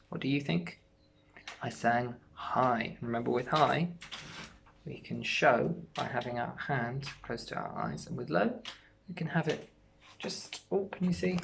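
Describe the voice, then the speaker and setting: Friendly school music teacher doing an online lesson for little kids, kind and reassuring, bit of fry in the voice. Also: medium pitch, a little hiss or hum. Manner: gentle, encouraging, speaks slowly and clearly to children.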